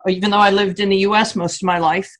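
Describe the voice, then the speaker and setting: A woman's voice: mid-range voice, fairly even intonation, quick pace, fairly bright tone, poor audio. A Canadian woman calls in over a video link with an urgent personal question. She sounds anxious and pleading, and she often stops and restarts her sentences. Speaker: caller. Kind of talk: asking a question on a video call. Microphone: video call.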